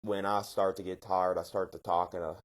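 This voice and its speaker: A man's voice: low-pitched, little pitch movement, brisk. A man co-hosting a casual comedy podcast, joking and profane, with a few words pronounced oddly. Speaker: podcast co-host. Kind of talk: casual chat.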